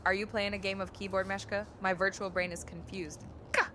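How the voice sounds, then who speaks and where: A woman's voice: medium pitch, flat delivery, brisk, noisy background, lightly acted. A woman voicing a perky, catlike female AI chatbot, reading its replies aloud in a sing-song way on a live stream. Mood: bubbly. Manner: sing-song, tacks a cute tag onto every sentence.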